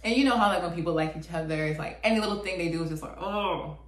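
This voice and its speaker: Female host, lowish voice, casual chatty explainer, roomy echo. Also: very fast. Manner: chatty, relaxed, often says "like". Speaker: channel host. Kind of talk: casual explanatory talk to camera. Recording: echoey room.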